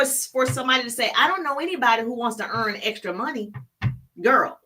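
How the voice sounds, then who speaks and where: A middle-aged woman with a voice on the high side gives business coaching on a live stream. She's animated and preachy, repeating key phrases for emphasis.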